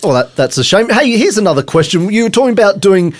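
High-voiced teasing male host. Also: very animated, quick pace. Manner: chatty, teasing, asks rambling questions. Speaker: interview host. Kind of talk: casual interview chat.

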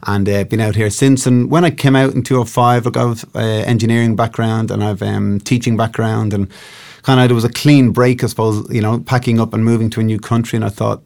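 A man's voice: fairly low pitch, little pitch movement, brisk, gravelly, a little mellow. A middle-aged man from Dublin with an Irish accent, a singer-songwriter chatting loosely in an interview with lots of fillers and restarts. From Ireland. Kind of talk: casual interview chat.

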